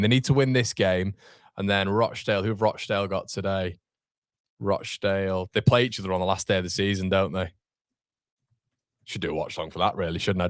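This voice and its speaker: A man's voice: on the low side, no room sound. Young Yorkshire male streamer, casual banter over live football, dry close mic. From Northern England. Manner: chatty, reads viewer comments aloud, banter. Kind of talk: live match commentary and chat reading.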